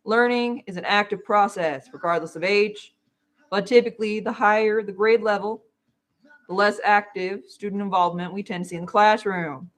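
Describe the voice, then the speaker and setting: A woman reading a textbook aloud while she studies, dramatic and playful, with quick joking asides. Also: medium pitch, a bit bright. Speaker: vlogger.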